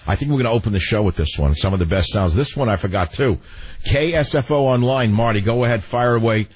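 A man's voice: on the low side, animated, fast, slightly rough, no echo. An older man hosting a call-in radio talk show, blunt and sardonic, laughing often.

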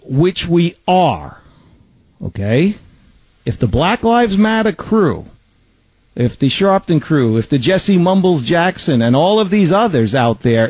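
A man rants through a talk radio monologue. His voice sits a bit high for a man, and his delivery is sarcastic and full of fillers and restarts. The sound is dry and dull, like lo-fi broadcast audio. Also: darkish tone, no room sound.

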